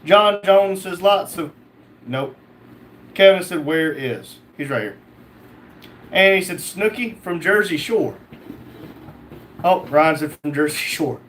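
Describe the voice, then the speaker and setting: A man's voice: high-pitched, expressive, slow, pauses often, fairly bright tone, slight background noise. Man joking through a livestream chat. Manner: joking, reads chat comments aloud. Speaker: livestream host reading chat.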